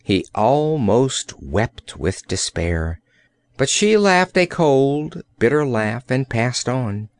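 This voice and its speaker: Slow, expressive male audiobook narrator. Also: medium pitch, smooth, no room sound. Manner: expressive storytelling. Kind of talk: scripted narration.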